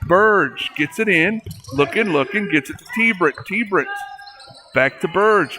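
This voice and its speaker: A man with a high, light voice calls a small-town basketball game play by play, chatting to listeners as folks and getting worked up at the big moments. The broadcast is noisy, with gym ambience behind him. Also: slow. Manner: folksy, addresses listeners as folks, grows excited at big plays. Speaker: play-by-play announcer. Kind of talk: local basketball play-by-play commentary.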